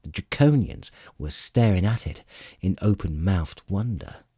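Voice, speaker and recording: A man narrating a fantasy novel as an audiobook reader, in a measured, expressive way. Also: low-pitched, slightly rough, dry recording, studio quality.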